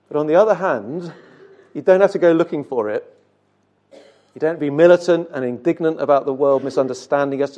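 Man, preacher, sermon, earnest, rhetorical questions, fairly high voice, mellow tone. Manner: earnest, direct address to congregation with rhetorical questions; occasional stumbles and repeated words.

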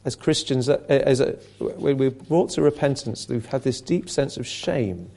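A middle-aged man preaching a sermon earnestly, often restarting phrases and dropping to a hush. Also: medium pitch, measured pace, vocal fry.

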